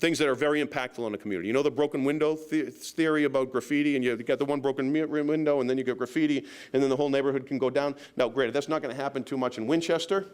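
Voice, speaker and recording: A man's voice: medium pitch, rapid-fire, few pauses, darkish tone, smooth. A man, a county sheriff telling a story to a local meeting in a loose, rambling way with many restarts and a self-deprecating humor.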